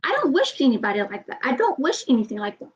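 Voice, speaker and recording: A woman vlogging in casual personal talk, halting, often repeating herself and trailing off. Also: high-pitched, big pitch swings, lo-fi sound.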